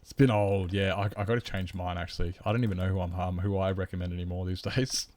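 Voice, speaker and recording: Chatty male streamer, low voice. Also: level tone, quick pace, a little mellow. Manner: rambling, reads chat aloud, mock-grand asides. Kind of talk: casual live-stream chat.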